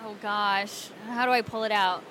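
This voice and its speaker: A young woman from Alabama, a cosplayer and voice actress, chatting excitedly and giggling through a convention interview. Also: mid-range voice, normal speed, a little hiss or hum. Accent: Southern American. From Alabama, USA. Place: convention floor.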